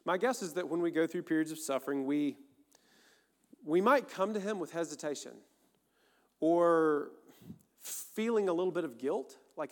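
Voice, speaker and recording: A man's voice: a little high, lively intonation, moderate pace, pauses often. A man preaching a sermon, earnest and conversational, speaking directly to his listeners. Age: adult, married. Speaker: pastor. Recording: long reverb of a large hall.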